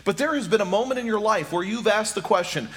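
Middle-aged male pastor with a high, animated delivery; preaches by stacking rhetorical questions. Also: fast talker. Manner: repeats questions rhetorically, addresses listeners directly. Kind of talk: sermon.

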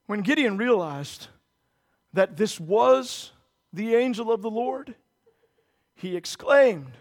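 A man's voice: high voice, lively intonation, takes it slowly. A man, a pastor, preaching a sermon in an earnest, conversational way that rises into emphatic stretches.

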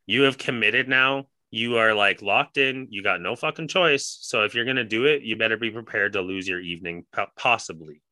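Bright, dry-voiced young man telling a story. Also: fairly low pitch, normal speed, few pauses, no room sound. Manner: rambling, profane, heavy use of "like". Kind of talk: casual storytelling chat.

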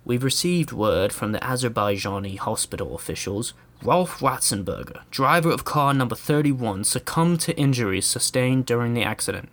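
A man voicing a nonchalant male British race announcer, putting on a British accent with a flat, formal delivery. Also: mid-range voice, moderate pace, few pauses. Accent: British, put on.

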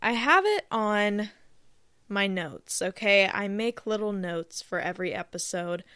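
A woman's voice: mid-range voice, lively intonation, a little slow, sharp tone, smooth, no echo. Solo podcast host, woman, rambling and self-mocking, mid-range voice, dry close-mic sound. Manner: rambling, chatty, self-deprecating. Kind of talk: casual solo podcast chat. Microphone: close studio microphone.

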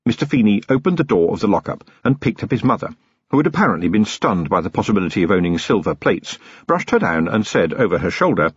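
A man narrating a novel as an audiobook, in an expressive, characterful storytelling way. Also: lowish voice, fast talker, slightly rough, no room sound. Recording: dull lo-fi close-miked recording.

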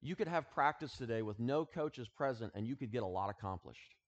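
A man's voice: medium pitch, animated, highs cut off. Casual man teaching a Bible passage. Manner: casual, uses sports analogies, chuckles often; reads scripture slowly and softly. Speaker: teacher and football coach leading a Bible talk. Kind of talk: conversational Bible teaching to students.

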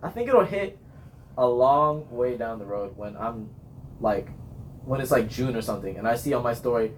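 A teenage boy, a high school marching band student, chatting casually in an interview in a rambling, self-deprecating way. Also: lively intonation, moderate pace, a little hiss or hum. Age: teens.

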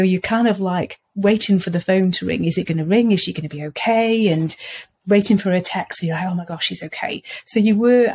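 A woman's voice: medium pitch, mellow, slightly rough. A middle-aged woman, an earnest podcast guest who talks reflectively and often laughs. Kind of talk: conversational interview.

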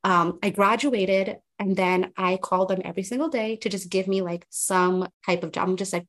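A woman's voice: mid-range voice, normal speed, hardly any pauses. A young woman journalist telling her career story as a podcast guest, chatty with lots of fillers. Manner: chatty, filler-heavy, animated retelling. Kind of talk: casual interview storytelling.

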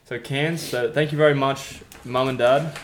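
A man's voice: medium pitch, fairly even intonation, slow pace, a little hiss or hum. A young Australian man with an Australian accent, co-hosting a casual podcast in a dry, understated way. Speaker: podcast co-host.

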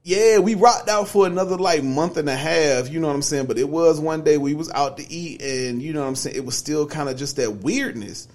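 This is a young man co-hosting a podcast, relaxed as he works through a lengthy personal story full of fillers such as "you know what I'm saying." He speaks with a fairly high pitch, moves a little fast, and rarely pauses.

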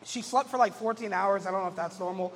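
Male pastor, 30s, high-pitched, casual storyteller; reverberant hall with faint music. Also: fast. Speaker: lead pastor. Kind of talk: conversational sermon. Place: church.

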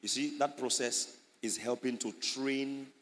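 A man preaching an animated sermon as a pastor, his voice rising loud on key points. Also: a little high, normal speed, big-room sound.

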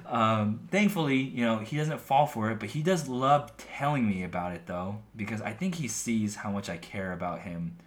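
A man's voice: on the low side, expressive, normal speed, hardly any pauses. A young man hosting his own podcast in casual, rambling talk full of "like" and "um", his voice a bit worn as he is losing it. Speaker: podcast host.

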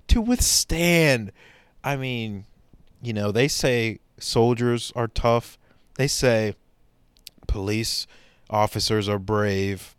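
A man's voice: mid-range voice, lively intonation, takes it slowly, smooth, no echo. A man doing a stand-up comedy monologue in a sarcastic, mock-serious way.

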